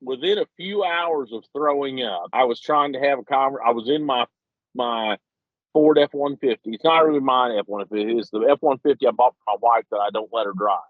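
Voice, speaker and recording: A Missouri man in his 50s, a regular podcast guest, phones in and tells a long, rambling, self-deprecating story. His mid-range voice is brisk and dry, coming through as muffled, lo-fi call-in audio.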